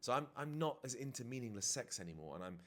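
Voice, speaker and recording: A man's voice: medium pitch, very animated, quick pace, a bit bright. A man, a dating and life coach, talking frankly and reflectively to camera indoors, swearing casually now and then. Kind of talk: candid confessional talk to camera. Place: indoors with DJ kit behind him.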